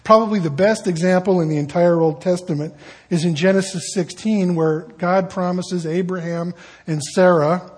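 A man's voice: sits high, fairly even intonation, moderate pace, slightly rough. A man preaching a casual sermon, telling stories and acting out the people in them. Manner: conversational storytelling, acting out quoted voices. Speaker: pastor.

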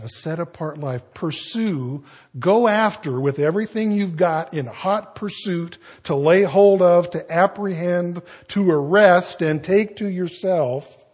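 A middle-aged pastor preaching a sermon, husky, emphatic, slowing down and rising on key words. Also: male voice, a little high, darkish tone.

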